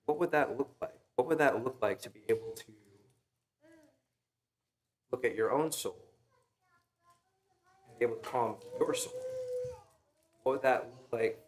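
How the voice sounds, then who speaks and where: A man's voice: medium pitch, wildly swooping pitch, measured pace, pauses often. A young man preaching an evening sermon in a church, talking casually with fillers and asking the congregation "right?" as he tells a story. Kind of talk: conversational sermon. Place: church sanctuary.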